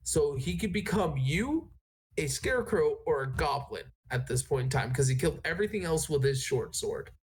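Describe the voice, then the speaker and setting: Game master, casual and self-correcting, lively pitch. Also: moderate pace, a little hiss or hum. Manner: rambling, self-correcting narration. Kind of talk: narrating a tabletop game.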